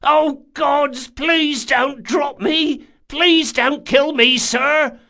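A man's voice: high-pitched, sing-song, slow, bright, forceful tone, pitched above the performer's own voice, exaggerated voice. A man doing a terrified, begging bandit. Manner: pleading, begging, cringing. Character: terrified grizzled male bandit, dangling.

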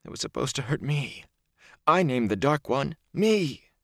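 A man reading an audiobook, voicing a frightened young man who speaks in a strained, halting way. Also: mid-range voice, sing-song, vocal fry, dry recording, clean studio sound, voice pushed up, full character voice. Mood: anxious. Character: frightened young village man, anxious and pleading.

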